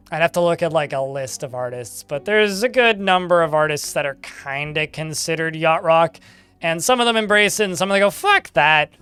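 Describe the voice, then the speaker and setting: A man's voice: on the high side, a bit bright, clean tone. A young man streaming a game and chatting casually with his viewers, with a dry, sarcastic-sounding way of talking. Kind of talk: casual livestream chat while gaming.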